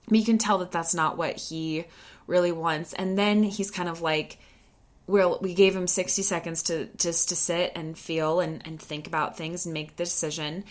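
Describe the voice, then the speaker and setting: A young adult woman hosting a podcast, telling a personal story in a casual, chatty way, full of "like" and quick restarts. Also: fairly low pitch. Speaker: podcast host.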